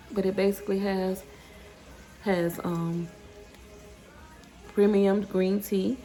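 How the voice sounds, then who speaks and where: Gravelly low-voiced woman chatting. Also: a little mellow. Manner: rambling, restarting, fired up when ranting. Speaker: vlogger. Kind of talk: casual vlog chat. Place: outdoors then home.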